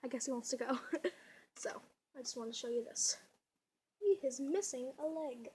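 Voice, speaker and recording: A woman's voice: sits high, normal speed, dark tone, a little hiss or hum. A young woman vlogging at home, chatty and giggly, rambling with lots of fillers, her voice a little off. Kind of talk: casual home vlog. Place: at home indoors. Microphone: camera mic.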